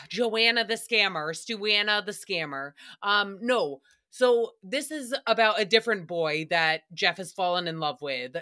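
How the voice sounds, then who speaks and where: A young woman hosting a podcast, recapping gossip in a casual, animated way, laughing often and swearing freely. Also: medium pitch. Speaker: podcast host.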